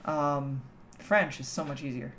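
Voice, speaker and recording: A woman's voice: deep voice, steady tone, measured pace, a bit bright, slight background noise. A young woman from Canada chatting casually with her livestream chat from home, teasing and laughing often. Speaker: streamer.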